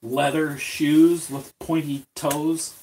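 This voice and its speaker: A game master narrating a tabletop game in slow, drawn-out descriptions. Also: mid-range voice, level tone, crowd noise. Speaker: dungeon master.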